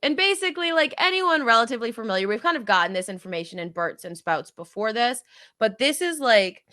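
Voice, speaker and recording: A woman co-hosting a podcast, chatting casually and acting out characters in quick voices. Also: fairly high pitch, lively intonation, sharp tone, no echo, studio quality. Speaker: podcast co-host. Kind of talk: casual chat.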